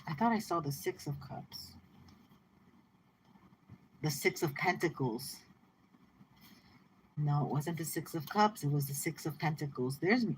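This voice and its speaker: Woman, tarot reader, chatty, excitable, repeats herself, faint background hiss. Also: low-pitched, rough recording. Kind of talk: casual tarot reading.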